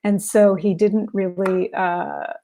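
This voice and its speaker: Mellow-voiced woman telling lively anecdotes. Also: mid-range voice, takes it slowly, a little hiss or hum. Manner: animated anecdotes, laughs often. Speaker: guest, photographer's estate heir. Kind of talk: casual storytelling interview.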